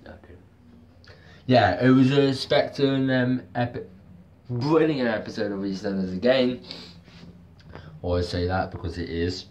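A man's voice: mid-range voice, fairly even intonation, measured pace, long pauses, a little mellow, slight background noise. A man giving a casual video review, rambling and repeating himself, with plenty of fillers. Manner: rambling, repetitive, lots of fillers. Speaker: TV soap reviewer.

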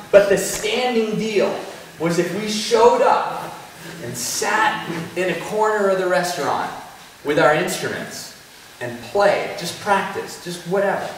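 Animated man telling a story in an echoey hall. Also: high-pitched. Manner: animated, laughing, repeats words. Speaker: keynote speaker. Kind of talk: storytelling keynote. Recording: echoey hall, mic from a distance, faint noise.

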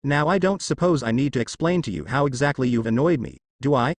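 A man reading a fanfic aloud, voicing a calm, menacing young male demon ninja who talks dryly and pleasantly. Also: medium pitch, brisk, dry recording, close to an everyday voice. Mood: cool. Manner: dry, pleasant, quietly threatening.

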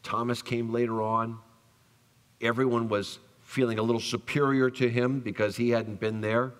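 A male pastor preaching a sermon, telling the story with animated acted-out voices and dropping soft for tender lines. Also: mid-range voice, moderate pace. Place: church sanctuary. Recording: long church reverb.

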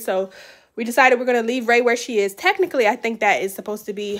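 A tired, pregnant woman in her thirties chatting casually at home for her vlog, rambling with fillers. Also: fairly high pitch. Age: 30s. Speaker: vlogger. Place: home, indoors.

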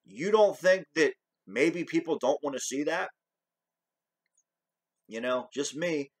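A man's voice: fairly high pitch, expressive, slow, poor audio. A man hosting a commentary video, ranting heatedly about movies with lots of swearing and repetition. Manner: heated, profane, repetitive rant. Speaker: commentary channel host.

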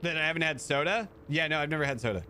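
Rapid-fire and forceful with a bright tone, an American streamer rambles casually as he works through his chat, reading and responding, and his voice shoots up high when thanking viewers. A little hiss or hum runs under the recording.

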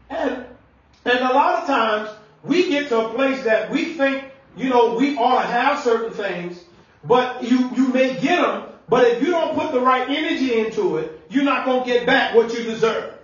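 A man preaching a sermon as pastor, animated and conversational, sometimes shouting and laughing. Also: extremely high pitch, moderate pace. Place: church sanctuary. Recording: echoey church room, mic at distance, dull sound.

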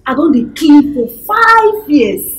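A woman's voice: sits high, big pitch swings, slow, distant mic, full character voice. A woman speaking Nigerian Pidgin playing an eager cleaner who pleads her case in a job interview. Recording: roomy echo, from off-mic.

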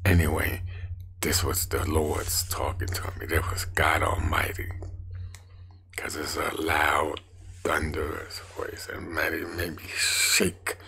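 A man giving a personal testimony in a hushed, half-whispered way that rises suddenly with emotion. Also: little pitch movement, takes it slowly, a little hiss or hum. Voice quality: gravelly, husky low voice. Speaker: street evangelist.

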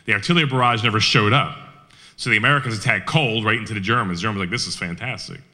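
A man telling a war history story at a Veterans Day event, animated, with rhetorical questions and frequent restarts. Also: on the low side, racing.

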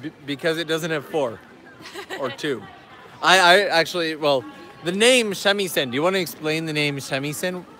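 A livestream host chats casually while strolling outdoors in a park, fielding questions from viewers. He talks at a moderate pace in a fairly high voice that sounds pushed and bright.

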